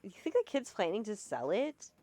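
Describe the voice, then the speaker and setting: A woman's voice: mid-range voice, big pitch swings, normal speed, mellow, no room sound. A woman streamer casually live-translating a game, with chatty, laughing asides. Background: game music.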